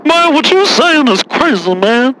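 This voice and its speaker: A man voicing a loud, easily offended caller in a radio comedy bit, brash and saying "man" often. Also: very high voice, big pitch swings, measured pace, slight background noise, heavily acted, rough recording. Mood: indignant. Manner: brash, indignant, says "man" a lot. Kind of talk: radio comedy prank call.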